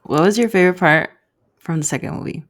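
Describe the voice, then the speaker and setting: Low-voiced woman co-hosting a casual chat. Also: fast talker. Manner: easygoing, prompting questions. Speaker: podcast co-host.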